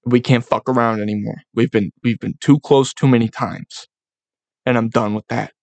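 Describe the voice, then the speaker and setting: A young man rallies listeners in a solo sports podcast, fired up and swearing freely. His voice sits at an ordinary pitch for a man. The sound is dry and close, with no room echo. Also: fairly even intonation, normal speed, gravelly, darkish tone. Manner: fired-up, profane, rallying. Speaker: podcast host.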